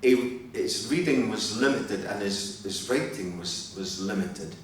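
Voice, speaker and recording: A Scottish man, a fiddler, giving reflective, measured answers as a guest in a live interview in a hotel hall. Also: on the low side, lively intonation. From Scotland. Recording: very echoey hall from far off, faint hum.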